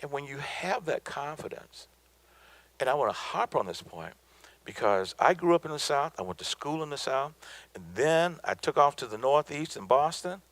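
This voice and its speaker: A man's voice: a little high, big pitch swings, moderate pace, a bit bright, no echo. A middle-aged man from the American South giving a motivational business talk, emphatic and preacherly, repeating his points for effect. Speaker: business speaker.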